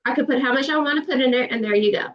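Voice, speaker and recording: A high-pitched woman with a Southern accent talks fast and emphatically, often repeating herself. Her voice sounds set back from the mic, and the livestream audio is dull. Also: recorded from a distance. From Georgia, USA. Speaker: livestream host. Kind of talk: casual chat.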